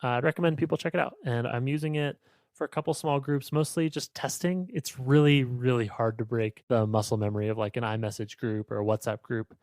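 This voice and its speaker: A man's voice: mid-range voice, steady tone, brisk, darkish tone, dry recording, clean studio sound. A man co-hosting a design podcast in easygoing chat, his voice getting tired. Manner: easygoing, reads sponsor spot at the end. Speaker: podcast co-host. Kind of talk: casual chat.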